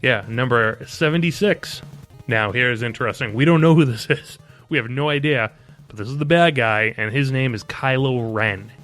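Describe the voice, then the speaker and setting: A man's voice: mid-range voice, moderate pace, a bit bright, faint music behind. A man hosting a casual podcast chat, upbeat and laughing often. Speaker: podcast host.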